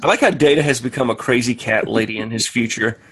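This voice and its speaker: A man's voice: mid-range voice, a little fast, fairly bright tone, slightly rough. A man co-hosting a podcast, joking along in casual chat. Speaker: podcast co-host.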